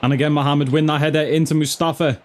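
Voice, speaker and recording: High-voiced man commentating his game. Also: level tone, fast. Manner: chatty, swears, calls viewers lad and bro. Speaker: gaming YouTuber. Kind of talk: casual gameplay commentary.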